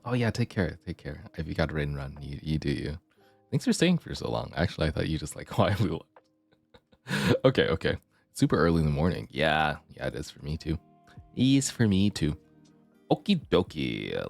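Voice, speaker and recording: On a desk mic that picks up keyboard clicks, a male streamer rambles casually with his viewers in a live-stream chat. His voice is deep and gravelly from the morning, and he's chatty and self-deprecating.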